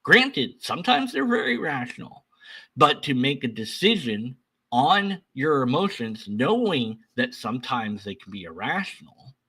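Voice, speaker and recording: A man's voice: medium pitch, sing-song, unhurried, bright, forceful tone, breathy edge, poor audio. A man giving casual reaction commentary, rambling with many restarts and asides.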